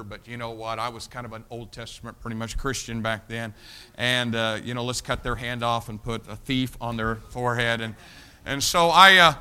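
In a sermon, a pastor recounts a story with folksy charm, repeating himself and alternating between booming emphasis and near-whispers. His mid-range voice has a clean tone.

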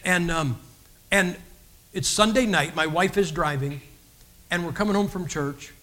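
A man's voice: sits high, a little slow, sharp tone. A man giving a personal testimony as a guest preacher, telling his story in an earnest, folksy way with frequent restarts.

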